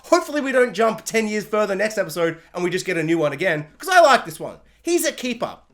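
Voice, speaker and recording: A woman rattling through a spoiler review with a voice that leaps up and down all the time. She jokes, rants and slips into quick mock voices for the characters. The talk is casual and animated. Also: medium pitch.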